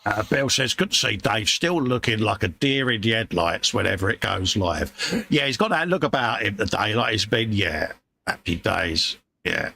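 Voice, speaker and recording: A matey man hosts a relaxed livestream chat and reads out viewer messages. His voice is gravelly with a bright, forward edge. A faint noise sits underneath. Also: on the low side, normal speed. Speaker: livestream host reading chat.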